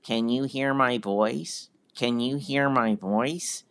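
A man's voice: mid-range voice, takes it slowly, a bit bright. A man mimicking a whiny nasal stranger. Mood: pleading, repetitive. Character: whiny nasal man on a bad phone call.

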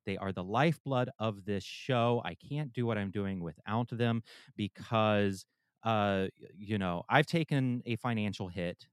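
A male podcast host talks from a room at home in a low, smooth, resonant voice. He is candid and chatty and pokes fun at himself. The sound is close and dry, with no room echo. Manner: candid, chatty and self-deprecating. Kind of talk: casual podcast intro and sponsor read.

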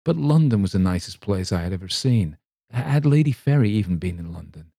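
A man reading a classic story aloud in a measured, gentle storytelling manner. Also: on the low side, expressive, gravelly, husky, no echo, studio quality. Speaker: reader.

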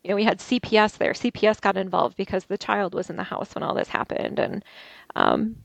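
A woman telling an interview host about a violent attack she survived, talking haltingly with many restarts. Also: mid-range voice, vocal fry, no echo. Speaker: interview guest. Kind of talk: recounting a personal ordeal. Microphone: video call.

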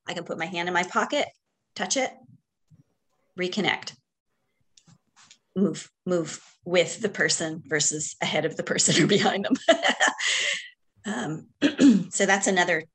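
A middle-aged woman, a podcast guest, speaking in a reflective, unhurried way, with frequent fillers and light laughter. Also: lowish voice, fairly bright tone, husky. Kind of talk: casual conversation.

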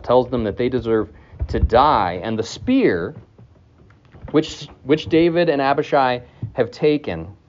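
A male pastor preaches with a middle-pitched voice, explaining scripture in an animated, lively way. He chuckles lightly as he teaches. The recording is a bit dull and lo-fi. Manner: animated, acts out scripture dialogue in raised voices. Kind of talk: expository sermon.

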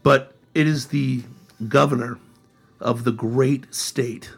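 A man hosting a casual political chat podcast, sarcastic and animated. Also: medium pitch, takes it slowly, creaky, husky. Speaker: podcast host.

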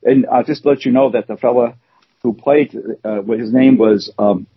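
A man co-hosting a casual chat show, talking in a hesitant, halting way with frequent restarts. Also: mid-range voice, slightly rough, dry recording. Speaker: co-host. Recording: dull dry lo-fi recording.

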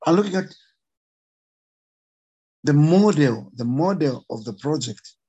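Husky, earnest Zambian man. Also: a little high, expressive, takes it slowly, warm tone, highs cut off. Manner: earnest, emphatic, repeats his points. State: emotional. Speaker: conservationist guest. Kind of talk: impassioned interview talk.

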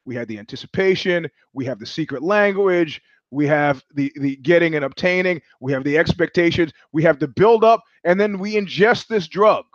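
Male host, rambling comic monologue, high voice, animated and profane, dry dull sound. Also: normal speed, hardly any pauses, no echo. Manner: animated, profane, repetitive restarts.

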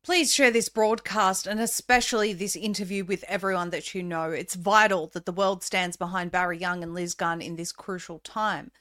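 A woman's voice: fairly low pitch, steady tone, normal speed, few pauses, a bit bright. A woman hosting an online broadcast interview, speaking in an urgent, campaigning tone and closing the show with a scripted sign-off. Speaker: host.

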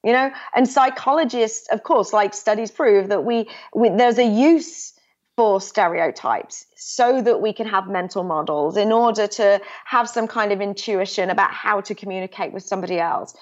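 A woman's voice: mid-range voice, normal speed, muffled recording. A woman from England with an English accent, a podcast guest talking thoughtfully and with self-deprecating humour. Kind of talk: casual conversational interview.

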